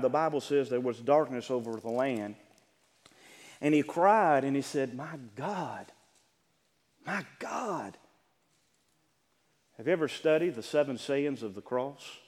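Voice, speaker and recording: A man preaching from the pulpit, his fairly high voice rising to fervent peaks and dropping to near-whispers. The sanctuary lends his words a long, lingering reverb. His delivery is dynamic and heartfelt. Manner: dynamic preaching, swinging from loud to hushed. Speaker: pastor. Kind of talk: sermon. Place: church sanctuary. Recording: church hall reverb.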